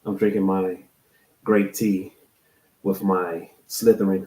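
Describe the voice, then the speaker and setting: Lively man hosting, echoey. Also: low-pitched, takes it slowly. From American South, Florida. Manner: lively, joking, talks directly to viewers. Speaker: host. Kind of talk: casual show intro.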